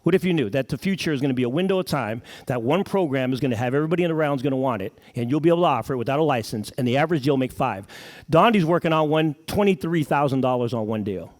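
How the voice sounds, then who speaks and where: A man's voice: medium pitch, lively intonation, very fast. A middle-aged man giving a live motivational talk to an audience in an event room, pumping up the crowd with questions. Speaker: motivational speaker at a sales event.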